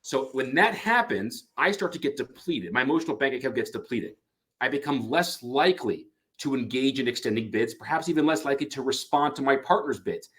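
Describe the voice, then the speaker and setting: Animated man explaining a therapy concept. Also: medium pitch, brisk. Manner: animated, acts out example dialogue. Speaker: couples therapist. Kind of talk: explanatory lecture.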